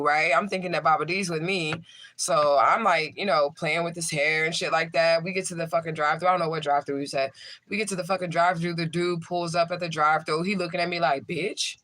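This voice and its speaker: A man's voice: on the high side, sharp tone, a little hiss or hum. A man, a tarot reader, chatting casually and profanely to his livestream viewers.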